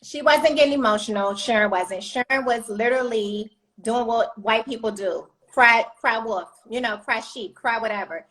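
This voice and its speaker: A woman's voice: a little high, moderate pace, a bit bright, low-quality recording. A woman co-hosting a casual talk show, blunt and fiery as she speaks her mind. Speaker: co-host.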